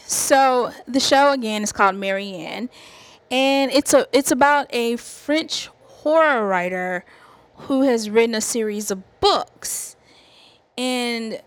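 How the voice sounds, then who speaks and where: A woman's voice: on the high side, no echo. A woman with a Southern US accent, chatting casually about TV shows as a host, giggling and rambling. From American South. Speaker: TV review host. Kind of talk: casual chat.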